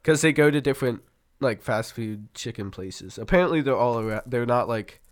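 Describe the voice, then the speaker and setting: A man's voice: mid-range voice, animated, normal speed. A young man co-hosting a podcast in casual chat, rambling as he retells clips. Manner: rambling retelling full of "like" and "dude". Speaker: podcast co-host.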